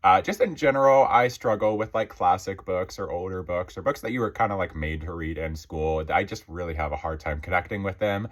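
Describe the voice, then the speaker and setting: A man's voice: sits low, a little fast, few pauses. A man chatting casually about books he loved, a little out of breath as he gets over being sick, filling his talk with lots of "like" and "um". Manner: rambling, filler-heavy, many "like" and "um". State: out of breath, recovering from illness. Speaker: book reviewer. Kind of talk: casual book review chat.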